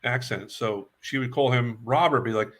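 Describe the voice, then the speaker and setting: A man's voice: medium pitch, normal speed. An older man from New York, a guest musician, telling long stories in a rambling way and repeating words as he remembers. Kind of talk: casual storytelling interview.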